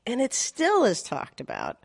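A middle-aged woman, a community theater director, telling stories in a relaxed interview and acting out the quotes with laughs. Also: on the high side, moderate pace, vocal fry, dry recording, studio quality. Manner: animated, laughing storyteller who acts out quotes. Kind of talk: casual interview storytelling.

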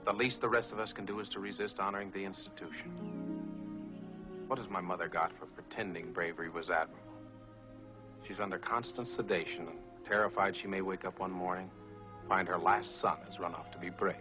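An actor playing a cynical wartime officer who argues in a cutting, measured way, heard from an old film soundtrack. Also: male voice, deep voice, fairly even intonation, highs cut off, over music, natural voice. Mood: bitter, earnest. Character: bitter, cynical wartime American officer, man. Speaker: film character. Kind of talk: 1960s film drama.

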